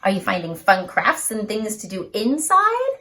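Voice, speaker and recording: A woman reading a picture book aloud to children, in an animated, sing-song storytelling manner. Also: medium pitch, a little slow.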